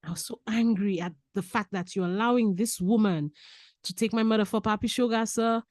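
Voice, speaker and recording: A woman from Lucia, a podcast guest telling personal stories in a lively way, laughing and repeating key phrases. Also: mid-range voice, fairly quick, dry recording, clean studio sound. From Saint Lucia. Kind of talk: casual personal storytelling.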